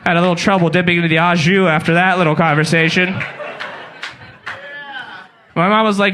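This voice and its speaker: A man in his twenties performs stand-up in a small club. His voice sits a little high for a man. He tells his stories deadpan and acts out the quoted lines. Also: a little fast. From California. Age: 20s. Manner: deadpan storytelling with acted-out quotes. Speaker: stand-up comedian. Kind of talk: stand-up set. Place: small comedy venue with a live audience.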